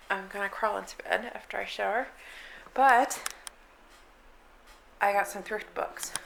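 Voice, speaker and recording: Gravelly-voiced woman chatting casually. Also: mid-range voice, sharp tone, slight background noise, low-quality recording. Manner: rambling, chatty, full of "like" and "um". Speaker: nurse and book vlogger. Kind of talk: casual vlog chat. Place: at home.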